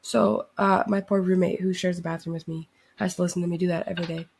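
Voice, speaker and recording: A woman's voice: on the low side, flat delivery, fast, gravelly, darkish tone, breathy edge. A young woman in her twenties co-hosting a casual chat, sick and losing her voice, talking in a laid-back way. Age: 20s. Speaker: podcast co-host, student.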